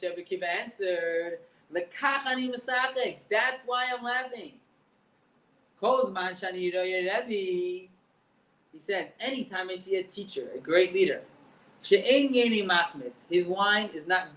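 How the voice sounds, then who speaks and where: High-voiced rabbi teaching in an echoey room. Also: male voice, a bit bright, recorded from a distance. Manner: explains Hebrew text line by line, repeats words. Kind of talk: Talmud class with translation.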